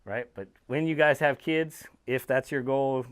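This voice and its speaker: A man in his thirties, a former pro baseball player, gives a motivational talk to young players and tells his story with plenty of animation. He talks straight to them as guys, and his voice sits at a middle pitch. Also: fairly even intonation, unhurried, a bit bright, clear, resonant tone. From Southern California.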